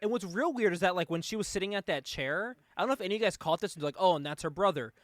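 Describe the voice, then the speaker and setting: A man's voice: high-pitched, expressive, rapid-fire, a bit bright, no echo. A man co-hosting a casual comic book review podcast, laughing often and swearing casually. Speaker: podcast co-host.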